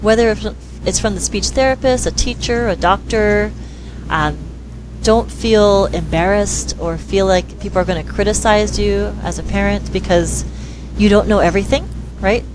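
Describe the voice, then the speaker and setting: A woman speech therapist talking in an interview, lively and quick to act out the voices of children and parents. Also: medium pitch, background noise. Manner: lively, acts out quoted dialogue in voices. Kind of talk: conversational interview.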